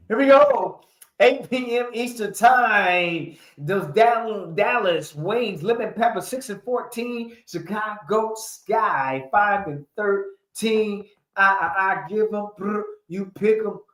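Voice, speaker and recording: A man's voice: high-pitched, takes it slowly, fairly bright tone. A man hosting a casual livestream sports chat, talking in a playful, laughing way as he hypes up the picks. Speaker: host. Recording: echoey room.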